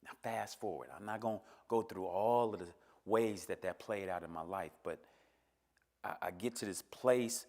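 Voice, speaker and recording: A middle-aged man giving an emotional personal testimony in a church, telling his story and swinging from hushed, near-whispered lines to emphatic high points. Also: normal speed. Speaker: church speaker.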